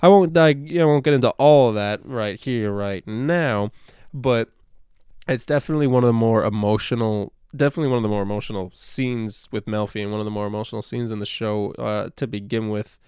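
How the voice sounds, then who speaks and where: A man talks at length on a podcast, his voice smooth and clean, recorded close and dry with no room sound. He rambles with plenty of fillers and swears casually as he goes. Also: on the low side, fairly quick, no room sound. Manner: animated, swears freely, rambling with many fillers. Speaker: podcast co-host.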